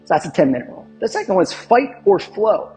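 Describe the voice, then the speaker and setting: A man's voice: sits high, big pitch swings, fast talker, mellow, soft background music. A male fitness coach giving an instructional talk, emphatic and fond of repeating his catchphrases and asking the viewer questions.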